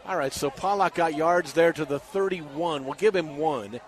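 Excited play-by-play radio announcer, man. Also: on the high side, normal speed. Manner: excitable, builds to shouting on big plays. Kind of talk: live sports play-by-play commentary. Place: packed outdoor stadium, among the stands.

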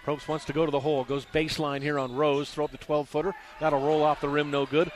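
A man doing fast radio play-by-play for a high school basketball game, getting loud and excited on big shots. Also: slight background noise. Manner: rapid, excitable, rises loudly on big shots.

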